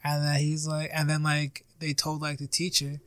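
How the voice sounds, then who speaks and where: A man's voice: fairly high pitch, monotone, moderate pace, fairly bright tone, no echo. A young man in casual chat, telling a story with plenty of swearing and laughter.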